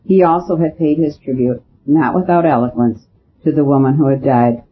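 A man narrating a storybook as an audiobook reader, reading in a measured, steady way. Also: on the high side. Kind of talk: scripted narration. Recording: dull lo-fi with faint hiss.

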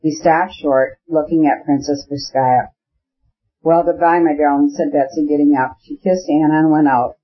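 A male narrator reading a classic novel in a measured, even way. His voice sits somewhat high for a man. The recording is dull and lo-fi. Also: breathy edge. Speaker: audiobook narrator. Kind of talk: scripted narration.

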